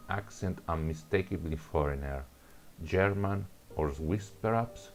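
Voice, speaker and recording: A man's voice: extremely low pitch, a little slow, faint music behind. A man with another first language reading a second-person adventure story aloud, stumbling and restarting words. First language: not English. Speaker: narrator.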